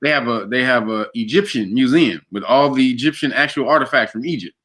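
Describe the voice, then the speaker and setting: A man in casual conversation, telling a long story with lots of laughter and animated quoted voices. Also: fairly quick. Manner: animated, laughs often, jumps to high pitch for quoted voices. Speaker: guest.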